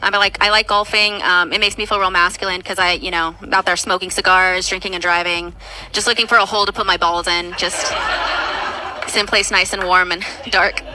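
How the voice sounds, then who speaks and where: A woman's voice: lowish voice, little pitch movement, fairly quick, bright, forceful tone, a little hiss or hum, rough recording. A woman performing stand-up comedy with a dry, offhand delivery.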